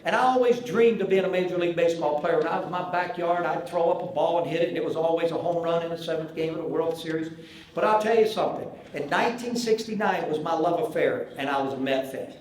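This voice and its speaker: This banquet speaker, a sixty-something former pitcher from the American South, gives humorous after-dinner storytelling and acts out each line of dialogue. His voice is fairly high and a little mellow, his pace quick, and the big banquet hall makes the recording very echoey.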